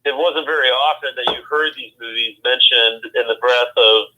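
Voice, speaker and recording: A man's voice: mid-range voice, fairly even intonation, normal speed, pushed and bright, slight background noise. A man co-hosting a casual podcast chat, rambling and hesitant, full of fillers. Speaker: co-host. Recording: tinny phone line.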